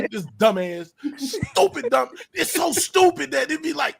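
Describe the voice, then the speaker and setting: A man hosting a casual streamed talk show, telling profane stories in an animated way that swings up to loud outbursts. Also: very high-pitched, measured pace, vocal fry. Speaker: podcast host. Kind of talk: casual chat.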